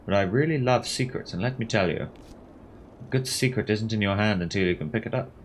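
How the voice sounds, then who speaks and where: A man's voice: on the low side, brisk, slight background noise, close to an everyday voice. A man voicing a sly, gossipy genteel older woman who talks in a prim, confiding sing-song.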